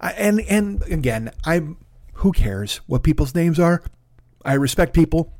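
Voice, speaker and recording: This podcast host, recording at home in his Los Angeles apartment, has a voice on the high side and an unhurried delivery. He rambles through profane, animated comedic rants in a casual style. The sound is dry and studio quality.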